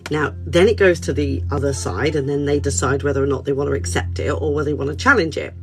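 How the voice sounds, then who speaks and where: A woman who works as a spiritual counsellor, chatting and telling stories on a phone livestream in an animated, casual way and swearing freely. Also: sits low, quick pace, poor audio. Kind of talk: casual livestream chat and storytelling. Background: soft background music.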